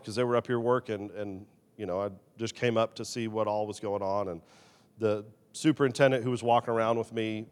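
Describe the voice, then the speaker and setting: A man preaching a sermon as pastor, animated, swinging between loud emphasis and quiet, confessional asides. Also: medium pitch, big-room sound.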